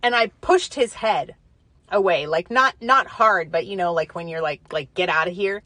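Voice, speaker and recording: A woman's voice: fairly low pitch, animated, normal speed, bright, forceful tone, no room sound. A mother talking candidly to herself in her car, rambling with plenty of fillers and restarts as she works through her feelings. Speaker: podcaster reflecting alone. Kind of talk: casual personal monologue. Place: inside a car.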